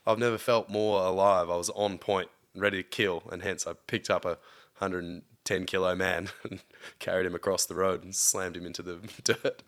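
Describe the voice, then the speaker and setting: Young guy, podcast chat, lively swearing storyteller, lowish voice. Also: moderate pace, hardly any pauses. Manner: swears freely, animated storytelling. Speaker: podcast co-host. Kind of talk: casual chat.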